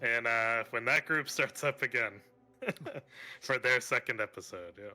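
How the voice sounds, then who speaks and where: A man's voice: mid-range voice, sharp tone, faint music behind. A man narrating as game master of a tabletop role-playing game, speaking hesitantly with many fillers and laughs. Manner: slow, hesitant, laughs often.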